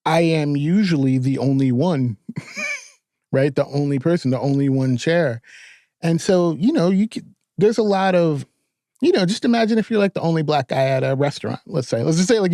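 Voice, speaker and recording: A middle-aged man from New York tells stories on a podcast with plenty of swearing and quick bursts of laughter. His voice sits a little higher than most men's. The mic is close and the sound is dry, with no room behind it. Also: dry recording. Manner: animated, profane storytelling with frequent laughter. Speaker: podcast guest, therapist and filmmaker. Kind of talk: casual storytelling interview.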